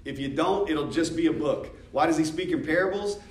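His voice is fairly high and brisk as this American man teaches a discipleship class at church in a relaxed, conversational style, tossing out questions to the class and joking and laughing. The room sounds echoey, captured from a distance.

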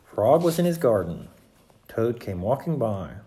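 A reader narrating a children's storybook aloud, clear and expressive. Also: mid-range voice, a little slow.

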